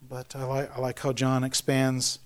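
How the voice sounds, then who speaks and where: A middle-aged man preaching a sermon in a conversational, joking way, with self-deprecating asides and animated storytelling. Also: mid-range voice, normal speed. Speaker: pastor.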